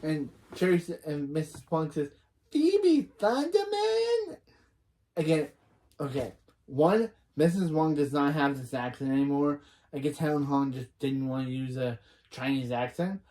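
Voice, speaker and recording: Speaking at normal speed in a dark, medium-pitched voice with little pitch movement, a reaction reviewer goes over a TV episode scene after scene. They relay it line by line in a relaxed way, frequently starting over to fix details and slipping in their own views.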